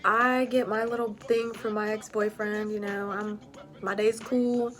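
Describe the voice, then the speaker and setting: A woman's voice: mid-range voice, level tone, measured pace, a bit bright. A young woman telling a personal story in a casual, rambling way, full of "like" and "you know".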